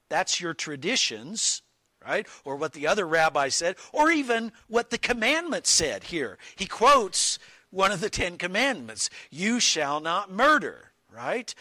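A man delivers a teaching sermon at an unhurried, deliberate pace, leaning hard on each quoted phrase. His voice is bright and sits fairly high. The sound is dry and close. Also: very animated, dry recording. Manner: slow, deliberate, emphatic on quotations. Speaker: preacher.

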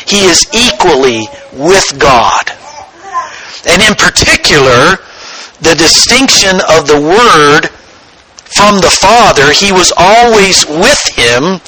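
A man preaching a sermon in a church, slow and deliberate, building to excited emphasis. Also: a little high, low-quality recording. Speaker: pastor.

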